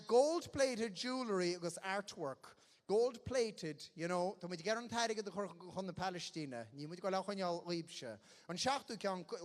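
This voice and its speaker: A man's voice: sits high, fairly bright tone. A man with an Irish accent hosting a raffle on stage, joking and mixing Irish and English. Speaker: event host running a raffle. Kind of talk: bilingual stage announcing. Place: large indoor hall. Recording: echoey hall on a PA.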